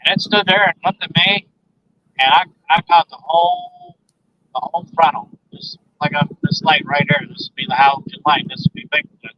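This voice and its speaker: A man, a guest on a phone interview, recounting an encounter in a halting, emphatic way with repeated words. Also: on the high side, big pitch swings, slight background noise. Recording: dull lo-fi phone line.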